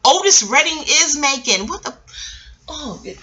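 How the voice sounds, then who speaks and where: A woman's voice: high-pitched, sing-song, measured pace, pushed and bright. A middle-aged American woman vlogging in a scattered, rambling way, jumping between tangents and swearing freely. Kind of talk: casual rambling commentary.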